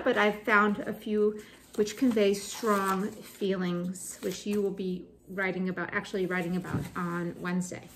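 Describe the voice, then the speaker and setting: A woman's voice: medium pitch, slight background noise. Woman teacher reading poems aloud. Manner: expressive reading, gentle explanatory asides. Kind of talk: read-aloud poetry lesson.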